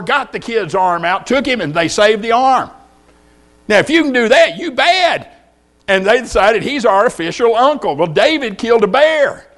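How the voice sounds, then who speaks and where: Male preacher, middle-aged, folksy storyteller, slightly high voice. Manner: folksy, joking, animated storytelling with big pitch swings. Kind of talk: folksy humorous sermon.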